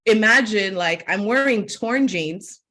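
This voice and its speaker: A woman from Sierra Leone with an American accent tells an animated personal story on a webinar panel, using lots of "like" fillers. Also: mid-range voice, a little slow. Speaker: webinar guest, media host.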